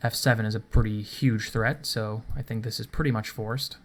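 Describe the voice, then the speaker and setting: A man's voice: lowish voice, steady tone, moderate pace. A man casually commenting on his own chess game, thinking aloud and chuckling at himself, recorded at home in his apartment. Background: faint rain noise.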